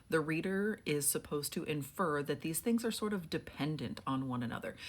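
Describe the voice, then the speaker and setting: A young woman book editor talks through a punctuation lesson in an easygoing, conversational way. She drops frequent "like" fillers as she explains. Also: sits low. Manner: chatty, frequent "like" fillers, reads examples aloud.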